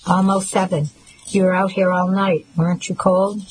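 A woman's voice: fairly low pitch, level tone, normal speed, slight background noise, close to an everyday voice, rough recording. A woman reading the lines of a hurt male fiancé in an audiobook, keeping close to her own voice. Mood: gentle. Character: man, the narrator's fiancé, hurt.

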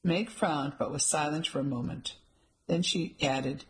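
A woman's voice: sits low, a little slow, poor audio. Woman narrating an audiobook. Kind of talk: first-person audiobook narration.

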